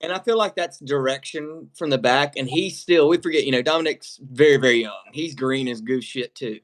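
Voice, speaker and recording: A man's voice: mid-range voice, a little fast. A man co-hosting a wrestling reaction stream in casual, rambling chat, swearing freely. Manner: rambling, profane, laughs while talking. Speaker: wrestling show co-host.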